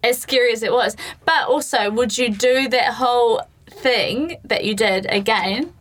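A woman with a fairly high voice co-hosts a podcast in a chatty, teasing way. She keeps the conversation bouncing along with quick questions. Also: fairly bright tone. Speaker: podcast co-host. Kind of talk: casual chat.

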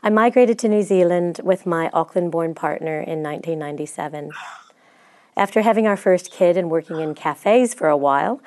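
A woman's voice: fairly low pitch, moderate pace, a little mellow. A middle-aged woman from Chicago with an American accent, giving a reflective prepared speech as guest speaker. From Chicago, USA.

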